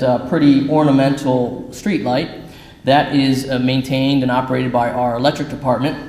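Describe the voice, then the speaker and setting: A man's voice: mid-range voice, a little mellow. A man serving as city service director, giving a public address in a plain-spoken, lightly joking way. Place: large hall. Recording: echoey hall with long reverb.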